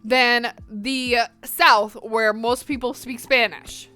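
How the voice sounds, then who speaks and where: A chatty young American woman hosts a relaxed live stream, talking straight to her viewers while she colors. Her voice sits a bit high and comes across bright and forceful. Soft music plays quietly behind her. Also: slow. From northern United States. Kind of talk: casual chat while coloring.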